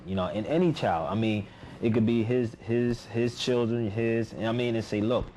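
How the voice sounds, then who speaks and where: A man's voice: mid-range voice, normal speed, mellow, slight background noise. A man speaking as a panel guest in a loose, casual way, often repeating his words.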